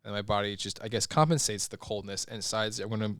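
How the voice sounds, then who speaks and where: A man's voice: fairly low pitch, quick pace, fairly bright tone, no echo, studio quality. A young man co-hosting a podcast with his brother, joking crudely in casual banter. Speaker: podcast co-host.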